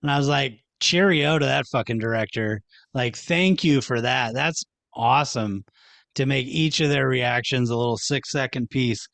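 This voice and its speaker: A man's voice: mid-range voice, moderate pace, gravelly, fairly bright tone, no echo. A man co-hosting a casual film podcast, giving blunt, enthusiastic opinions. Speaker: podcast co-host. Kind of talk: casual chat.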